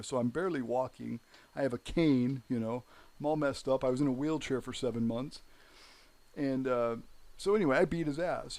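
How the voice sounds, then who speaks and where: A man's voice: mid-range voice, darkish tone. A man hosting his own show, telling a story in a rambling, heated monologue full of "you know". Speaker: show host.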